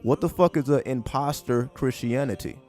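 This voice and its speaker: A man's voice: mid-range voice, normal speed, mellow. A man giving casual livestream commentary, profane and sarcastic, firing off repeated rhetorical questions. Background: faint background music.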